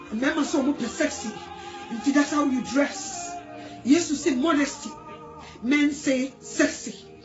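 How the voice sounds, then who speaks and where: A Ghanaian woman preaches through tears in a very high voice. She pleads and exhorts, drifting between English and Twi. The lo-fi recording sounds echoey, with faint music underneath. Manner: crying while pleading, mixes English and Twi. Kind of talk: tearful pleading sermon. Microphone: phone video.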